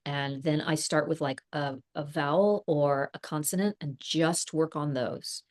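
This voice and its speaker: A middle-aged woman with a notably low voice, chatting casually as an interview guest. She thinks aloud, circles back on her words and often breaks into laughter. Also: unhurried. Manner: thoughtful, rambling, laughs often. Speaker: actress guest.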